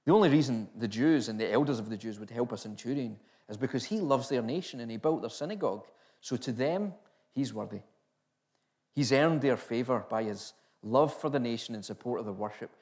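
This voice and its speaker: A man's voice: mid-range voice, animated, brisk, a little mellow. A man preaches a sermon in an ordinary mid-range voice. He drives his points home with strings of rhetorical questions, repeating each phrase for emphasis.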